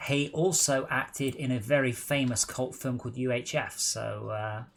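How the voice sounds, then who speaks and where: A man's voice: medium pitch, level tone, normal speed, creaky. Guy trash-talking while gaming, blunt, trips over words, some faint hiss. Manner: blunt, mocking, stumbles and repeats words. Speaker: gaming stream regular. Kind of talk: casual banter while playing.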